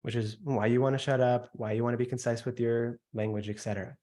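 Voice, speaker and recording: A man in mid-range pitch leads a sales workshop with an emphatic teaching manner. He slows down on key points and lets his voice fall to drive them home, and now and then he imitates chatty listener noises to make his point. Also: flat delivery, warm tone. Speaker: sales coach.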